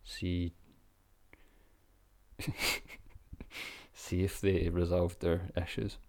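A man's voice: low voice, monotone, very slow, vocal fry, warm tone. A Scottish man giving laid-back, sweary reaction commentary with lots of ums and chuckles. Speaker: vlogger.

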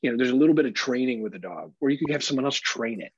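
Male podcast co-host, husky voice, candid and profane, dry dull recording. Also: mid-range voice, rapid-fire, no room sound. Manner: candid, swears freely, animated impressions. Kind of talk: casual chat.

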